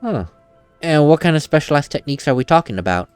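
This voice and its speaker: A man's voice: on the high side, big pitch swings, quick pace, faint music behind. A young man playing a video game, chatting and giggling while reading lines aloud. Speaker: let's play gamer. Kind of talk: casual game commentary.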